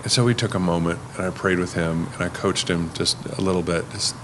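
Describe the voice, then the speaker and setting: A rideshare driver tells stories on a podcast in a casual, easygoing way, mimicking his passengers. He speaks briskly in a low voice, and there is noise in the background.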